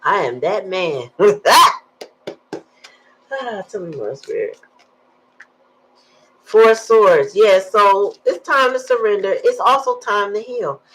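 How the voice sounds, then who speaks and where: A woman's voice: mid-range voice, lively intonation, slow, pauses often, slight background noise, poor audio. A woman giving a casual tarot reading, chatty and slangy, telling stories with sighs in between. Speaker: tarot reader.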